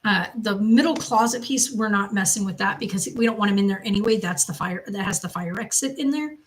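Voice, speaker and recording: A mother with a medium-pitched, brisk voice hosts her channel from her home's loft, casually chatting and rambling through viewer comments. Her loose, chatty storytelling comes through on poor-quality audio.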